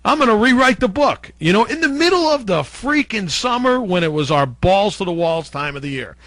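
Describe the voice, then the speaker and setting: Animated man telling radio stories. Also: sits high, normal speed, no echo. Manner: animated, acts out quotes of others. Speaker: former radio DJ guest. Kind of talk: casual storytelling interview.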